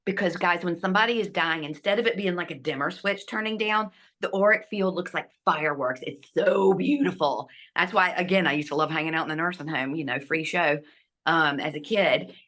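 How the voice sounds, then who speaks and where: A middle-aged woman, a guest telling a personal story with lively delivery and hushed asides. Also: on the low side, fairly quick. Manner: animated, acts out quotes, drops to hushed asides.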